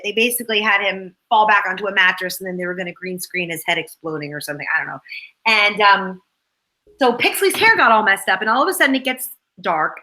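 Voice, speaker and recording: A woman's voice: medium pitch, bright, forceful tone, low-quality recording. An actress, a woman, chatting as a guest and rambling through behind-the-scenes stories. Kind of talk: casual chat.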